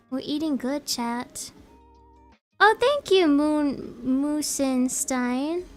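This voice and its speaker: A young woman streamer chatting casually and reading out her chat, giggly and rambling. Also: high-pitched.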